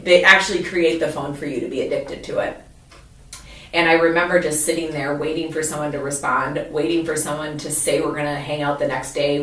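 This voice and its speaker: A woman co-hosting a podcast, telling candid, confessional stories about her own past in casual chat. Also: deep voice. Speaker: podcast co-host. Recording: roomy echo, mic at a distance.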